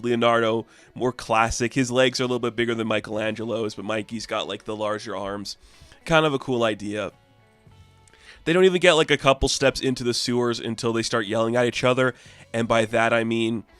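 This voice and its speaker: A man's voice: mid-range voice, fairly bright tone, smooth, dry recording. Casual male comic book reviewer. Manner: enthusiastic, loose, lots of "like" fillers.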